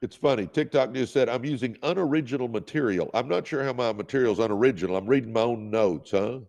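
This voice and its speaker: Gravelly man preaching success. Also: medium pitch, fast talker, a little mellow. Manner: preachy, exhorting, leads call-and-response; reads out viewer comments. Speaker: host. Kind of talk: motivational livestream talk. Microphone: phone or webcam on a livestream.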